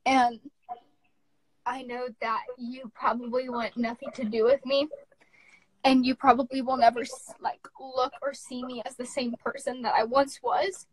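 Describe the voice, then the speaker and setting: A young woman in her teens giving a halting, tearful apology on a phone live stream, full of fillers and restarts. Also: sits high, little pitch movement, husky, dry recording, rough recording. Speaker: livestreamer.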